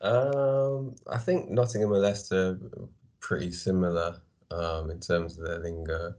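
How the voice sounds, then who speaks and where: A man joins the casual chat as a guest, pausing often and thinking aloud before he answers. His voice is low. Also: fairly even intonation, a little mellow. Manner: hesitant, thoughtful, many ums.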